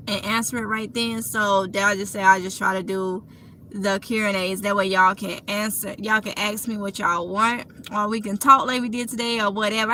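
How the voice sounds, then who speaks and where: A woman with a Mississippi Southern accent hosts a casual live Q&A, reading viewer comments in chatty, affectionate stream talk and calling her viewers honey. Her voice is on the high side with a sharp tone, and there's a little hiss or hum.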